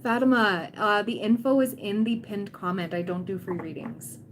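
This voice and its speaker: A woman's voice: mid-range voice, moderate pace, a little hiss or hum. A woman hosting a tarot livestream, chatting casually and cheering on her viewers, often quoting people in playful voices.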